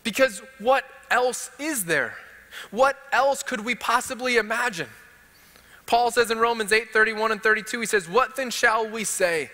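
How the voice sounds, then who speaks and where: Texan preacher guy, high bright voice, firing off rhetorical questions, big church hall echo. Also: moderate pace. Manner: impassioned, building rhetorical questions. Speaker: teaching pastor. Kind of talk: sermon. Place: church sanctuary. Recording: long hall reverb.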